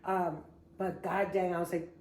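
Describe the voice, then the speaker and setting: A woman's voice: on the low side, level tone, darkish tone. A woman in a casual podcast chat who often stops and repeats words as she talks. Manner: halting, restarts and repeats words. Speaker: co-host and camera operator. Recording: roomy echo.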